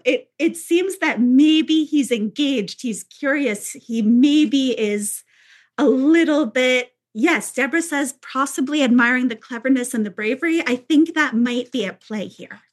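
A woman leads a text study lesson in a fairly high voice. She reads quoted passages aloud, then turns back to explain them, tagging her points with a questioning "right?". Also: unhurried. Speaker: teacher.

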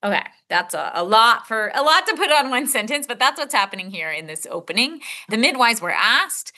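A woman's voice: a little high, sing-song, fairly quick, bright, forceful tone. A middle-aged woman teaching a text-study class, talking in a conversational way and thinking aloud with many filler words.

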